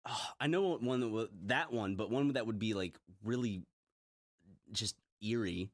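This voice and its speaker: A man's voice: lowish voice, a little slow, dry recording, studio quality. A young man chatting casually with a friend, riffing goofy, absurd jokes. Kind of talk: casual chat.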